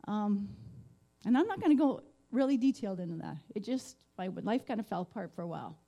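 A middle-aged woman giving a halting, emotional personal testimony in church, with many fillers. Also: medium pitch, lively intonation, gravelly, warm tone. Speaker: guest speaker. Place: church sanctuary.

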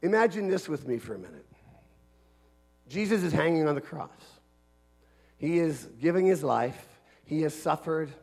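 Gravelly, husky-voiced man preaching a sermon. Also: a little high, expressive, normal speed, pauses often. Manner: earnest, builds from hushed to shouting.

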